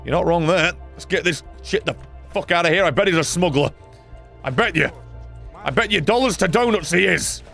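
A young man giving sarcastic, swearing commentary while playing a game, with sudden loud outbursts. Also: high voice, moderate pace, creaky, faint music behind. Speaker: gaming YouTuber. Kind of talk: let's play commentary.

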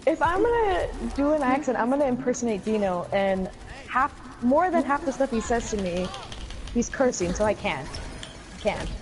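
A woman's voice: fairly high pitch, normal speed. Giggly young woman chatting animatedly. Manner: giggly, animated, self-deprecating. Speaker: co-streamer guest. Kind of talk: casual gaming chat.

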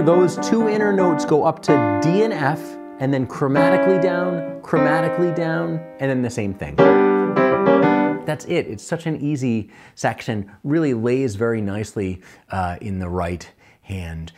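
A man's voice: medium pitch, animated, moderate pace. A middle-aged man teaching a piano lesson, patiently explaining step by step. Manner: patient, explains step by step, counts and scats rhythms aloud. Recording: piano playing under the voice.

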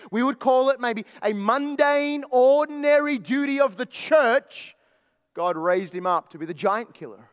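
Pastor, male, high voice, emphatic sermon delivery with quiet drops, reverberant church hall. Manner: emphatic preaching with sudden drops to low, quiet asides.

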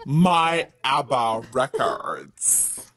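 A woman's voice: very deep voice, big pitch swings, very slow, a bit bright, pitched below the performer's own voice, exaggerated voice. A woman using a voice-changer app to play a brash, taunting figure with sassy one-liners. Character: goofy pitch-shifted app voice, brash woman.

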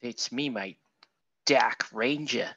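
A cheesy Australian superhero who zips about on a jetpack, hammed up in a deliberately bad accent by a man clowning on a stream. The voice keeps a gravelly rasp. The audio is dull and muffled. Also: medium pitch, fairly bright tone, no echo. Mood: goofy. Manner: jokey, exaggerated Aussie accent put on badly.

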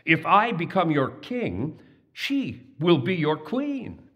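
A man's voice: on the high side, very animated, slow pace, highs cut off, voice pushed up. A man voicing a young male elephant king who speaks in an earnest, courteous manner in a storybook tale.

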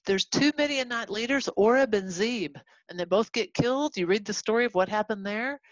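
A woman from Texas teaching a casual Bible lesson to a class, animated and chatty, acting out the people in the story as she goes. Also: on the high side, moderate pace, no echo. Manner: animated, acts out quoted voices, chatty asides. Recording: dull lo-fi recording.

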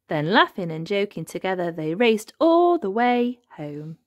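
A woman narrates a children's picture book aloud with gentle, expressive storytelling. She reads slowly, and her pitch moves freely. The sound is close and dry. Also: dry recording. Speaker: storybook reader.

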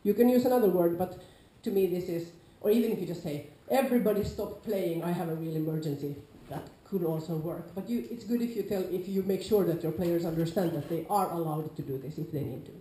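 A woman with a Nordic accent giving an informal lecture to a class, lively, acting out quoted players with sudden loud calls. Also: lowish voice, brisk, hardly any pauses, slight background noise. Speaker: lecturer on larp safety. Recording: echoey lecture room.

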